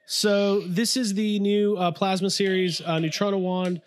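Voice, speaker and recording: A man's voice: sits high, little pitch movement, a little slow, slight background noise. A man co-hosting a casual podcast from his toy room, enthusiastic and rambling with lots of fillers. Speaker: podcast co-host. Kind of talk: casual chat.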